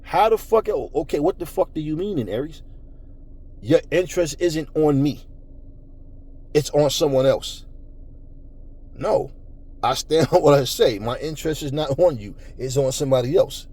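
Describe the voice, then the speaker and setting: Mellow-voiced man ranting at his audience. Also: fairly high pitch, animated, moderate pace, pauses often, slightly rough. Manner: profane, confrontational, mocks other voices. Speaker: boxing talk show host. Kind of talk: ranting commentary.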